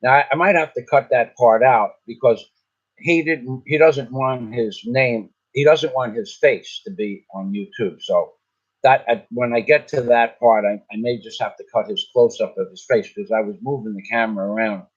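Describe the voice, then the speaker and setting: A slightly rough, mid-range voice belongs to an older man vlogging at a moderate pace. His long story wanders casually, with repeated points and restarted sentences, in slightly dull lo-fi audio.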